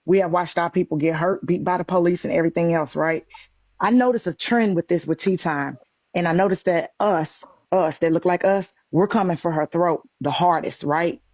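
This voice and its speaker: A woman's voice: fairly low pitch, normal speed, a little mellow, no room sound, highs cut off. A woman talking emphatically in casual live-stream chat, repeating her points in colloquial slang over her phone.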